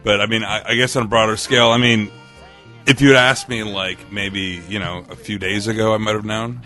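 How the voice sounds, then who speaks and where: Hesitant low-voiced Canadian man. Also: steady tone, fairly quick, bright, forceful tone, faint music behind. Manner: hesitant, restarts a lot, tired. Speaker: podcast guest. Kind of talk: casual podcast chat.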